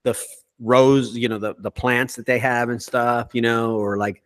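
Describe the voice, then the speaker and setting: A man who owns a junk removal business, telling stories in a casual group call with lots of swearing and animated delivery. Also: medium pitch, normal speed. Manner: profane, animated storyteller.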